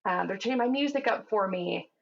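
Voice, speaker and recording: A woman in her thirties, a guest telling her birth story in a casual interview, in a vivid, animated way that acts out the voices of others. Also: mid-range voice, a little fast, gravelly, lo-fi sound. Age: 30s.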